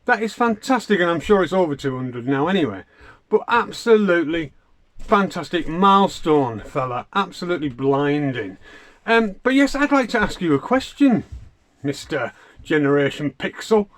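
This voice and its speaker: A man's voice: on the high side, sing-song, normal speed. A man from the United Kingdom, a fellow video creator who sends in a question in a bubbly, effusive way, heaping on the praise.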